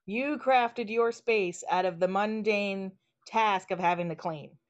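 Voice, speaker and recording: A woman's voice: medium pitch, slow pace. A woman in casual spiritual chat, talking with emphasis, swearing casually and acting out inner voices. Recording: dull lo-fi sound.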